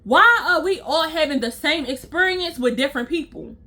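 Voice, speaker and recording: High, bright-voiced woman ranting to viewers. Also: expressive, normal speed. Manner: exasperated, blunt and profane, talks straight to "y'all". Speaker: storytime vlogger. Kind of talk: casual storytime rant to viewers.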